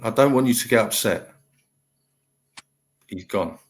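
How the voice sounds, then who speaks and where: A middle-aged man hosts a heated live panel, blunt and lecturing. He repeats his points over and over, steady and mid-pitched. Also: unhurried. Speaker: live stream panel host.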